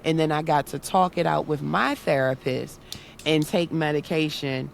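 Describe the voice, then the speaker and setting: With a low voice, vocal fry, and normal speed, this woman speaks over slight background noise. As a guest in a casual interview, the content creator and autism awareness activist earnestly shares parenting stories, performing the voices of those she quotes.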